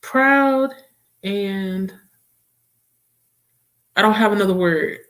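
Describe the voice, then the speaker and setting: A woman's voice: lowish voice, moderate pace. A young woman hosting a casual book livestream, chatting expressively with viewers, reading their comments aloud and laughing often. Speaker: booktube livestream host.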